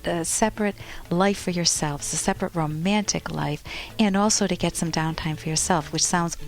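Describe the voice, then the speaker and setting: Low-voiced woman hosting relationship advice. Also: normal speed, soft background music. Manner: chatty, personal storytelling with asides. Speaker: relationship advice podcast host. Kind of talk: conversational advice monologue and book reading.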